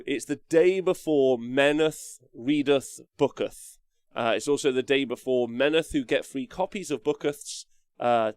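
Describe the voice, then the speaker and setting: A man hosting a live stream, cheerful and chatty as he thanks viewers by name. His voice carries a gravelly fry at mid pitch. The sound is dry and close to the mic. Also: no echo. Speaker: wargaming stream host.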